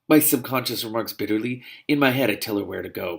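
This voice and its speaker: A man's voice: fairly low pitch, fast talker, vocal fry, hardly any pauses. A man reading a novel aloud and breaking off into exasperated, sarcastic commentary. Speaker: reader and commentator.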